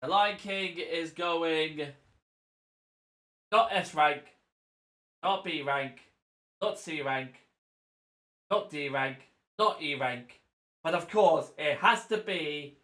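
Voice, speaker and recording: A man's voice: a little high, slow pace, pauses often, a bit bright. A man co-hosting a games podcast, giving blunt, emphatic verdicts and swearing for effect. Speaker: podcast co-host. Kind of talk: casual chat.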